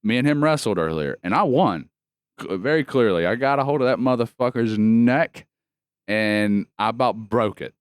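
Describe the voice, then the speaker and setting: A man's voice: medium pitch, normal speed, clean tone, dry recording, clean studio sound. A man, co-hosting a podcast in casual chat and telling stories full of swearing and laughter. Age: 30s. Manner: profane, laughing storyteller. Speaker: podcast co-host.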